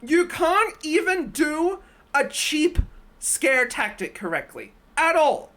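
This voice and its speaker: A woman streamer gives casual, animated reaction commentary, laughing often and ranting in exasperation. Her voice sits high and she speaks slowly.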